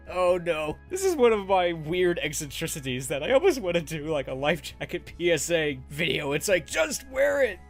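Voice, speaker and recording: A man giving a casual, chatty spoken review of a cartoon episode, animated and often laughing at himself. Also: fairly high pitch, moderate pace. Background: faint background music.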